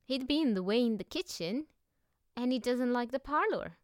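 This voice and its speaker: A woman voicing a bold, boastful young girl who tells tall tales, loud and cheerful. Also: fairly high pitch, lively intonation, normal speed, dry recording, clean studio sound, pitched above the performer's own voice, lightly acted.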